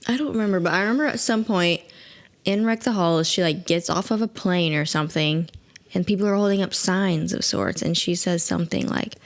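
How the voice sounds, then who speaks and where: A woman's voice: lowish voice, a little fast. A woman co-hosting a book podcast in casual chat, laid-back and offhand, swearing casually. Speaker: podcast co-host.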